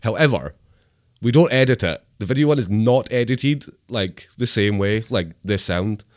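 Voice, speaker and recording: Podcast co-host, thirties, self-mocking banter, dry close sound. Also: male voice, on the low side, expressive, moderate pace, a little mellow, no room sound. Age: 30s. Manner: laughs often, jokey and self-mocking. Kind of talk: casual chat.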